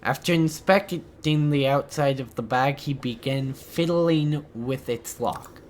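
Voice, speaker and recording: Slow-reading gamer voicing a visual novel. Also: medium pitch, a little hiss or hum. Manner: voices every character's lines, with excited stammering reactions. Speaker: let's play gamer. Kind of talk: reading a visual novel aloud with live reactions.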